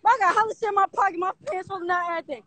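A woman's voice: very high voice, very fast, sharp tone, no echo. A woman vlogger chatting casually on a phone livestream outdoors, playful and teasing, trash-talking with slang. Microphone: handheld phone.

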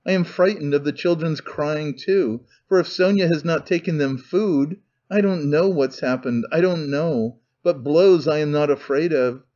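A despairing drunken clerk in middle age, as a male narrator puts him on, pouring out fervent, pleading confession in a slightly high voice. The audiobook recording sounds dull and lo-fi. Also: moderate pace, few pauses, mellow, natural voice. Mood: agitated muttering.

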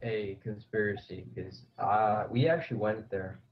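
A young man with a low voice chats casually over a voice call. He jokes around, pauses and restarts when he is unsure. The audio is dull and lo-fi, like cheap call sound. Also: steady tone, a little hiss or hum. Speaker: guest. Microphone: computer mic on a voice call.

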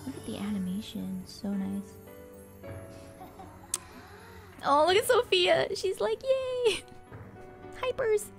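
Woman streaming a game, higher voice, swoops up and down a lot, chatty, faint music behind. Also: sing-song, takes it slowly, creaky, long pauses. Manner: chatty, reacts to the game and reads chat aloud. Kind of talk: live gameplay commentary.

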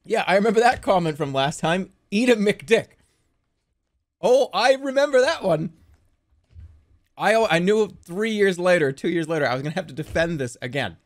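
A man streaming games live, chatting casually in a rambling, excitable way and often laughing at himself. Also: high voice, brisk.

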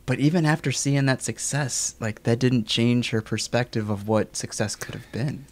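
A man's voice: mid-range voice, fairly even intonation, normal speed, a little mellow. A man hosting an interview, giving short reactions and asking reflective follow-up questions. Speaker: podcast host. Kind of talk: casual interview chat.

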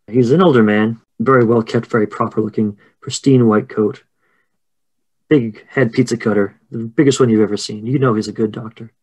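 A man running a tabletop horror game as game master, narrating in a relaxed way full of fillers. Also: lowish voice, rough recording.

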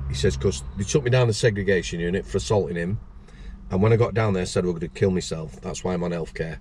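A middle-aged man speaks in a fairly low voice and spins long stories with lots of restarts. He slips into other people's voices as he tells them. A faint hiss of noise sits under the recording. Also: fast talker, a little mellow. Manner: rambling anecdotes, acts out voices, frequent restarts. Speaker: former prison officer, podcast host. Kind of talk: casual storytelling chat.

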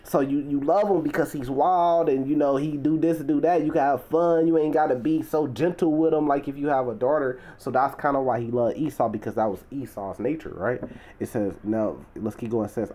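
A man's voice: mid-range voice, a little fast, warm tone. Man giving an emphatic, chatty bible teaching. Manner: conversational, leans on "you know" and "right?"; swells to emphatic, preacherly stresses.

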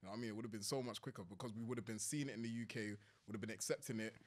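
A man's voice: on the low side, steady tone, very fast. A young man from England, a podcast guest speaking earnestly and enthusiastically and laughing easily. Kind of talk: casual interview chat.

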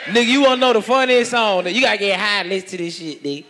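A male comedian in loud live banter on a theater stage, breaking into snatches of song. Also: high voice, very fast, background noise. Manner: loud, excitable, sings snatches of songs.

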